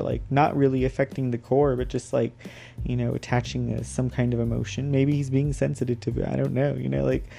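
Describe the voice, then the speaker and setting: A man hosting a podcast, telling a personal story in a loose, rambling way, full of fillers and quick laughs. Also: mid-range voice, vocal fry, warm tone. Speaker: podcast host.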